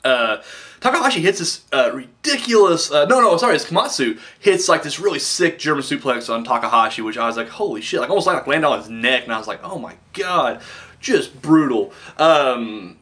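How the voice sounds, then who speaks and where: A man's voice: mid-range voice, expressive, fairly quick, a bit bright. A man casually reviewing a wrestling show, rambling and swearing, with lots of fillers and "dude.".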